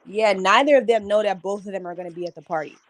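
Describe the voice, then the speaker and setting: A woman's voice: medium pitch, fast talker. A woman co-hosting a casual review chat, talking bluntly and animatedly, swearing and laughing. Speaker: co-host.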